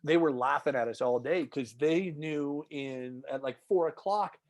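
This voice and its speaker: A man from Canada working as a hockey reporter, telling stories in a casual, animated podcast chat. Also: a little high, measured pace. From Calgary, Canada. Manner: animated, excitable storyteller with many restarts. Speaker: hockey reporter and radio host.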